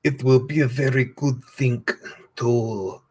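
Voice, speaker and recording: A man's voice: medium pitch, steady tone, darkish tone, husky. Gertrude, a man's hammy Russian killer woman. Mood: gleeful menace. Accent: put-on Russian accent. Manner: hammy, deliberately clumsy accent. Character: murderous female fighter, gleeful, unhinged.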